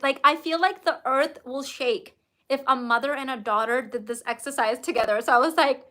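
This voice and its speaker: A high-pitched woman coach talks to her viewers in a casual livestream. Her voice is bright and forceful. She is gushing and emphatic and throws in the odd curse word. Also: moderate pace. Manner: effusive and emphatic, with casual swearing. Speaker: business coach and host.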